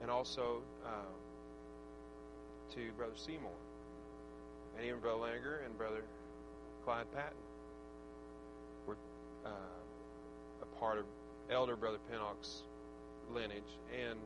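A man with a high voice preaching a fervent sermon. He swings between shouted praise and soft, reflective passages. A clear electrical hum runs under the whole recording. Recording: steady mains hum.

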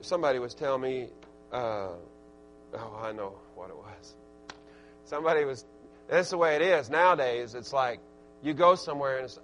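A man with an Arkansas accent preaching a sermon, swinging from quiet asides to loud, emphatic peaks and restarting his words as he goes. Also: on the high side, expressive, moderate pace, faint music behind. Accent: Southern US, Arkansas.

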